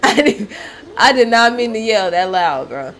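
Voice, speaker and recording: A woman's voice: a little high, big pitch swings, moderate pace, fairly bright tone, slight background noise. A woman streaming gameplay, talking casually, swearing and yelping when startled. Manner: jumpy, swears and yelps in fright. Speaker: gaming streamer.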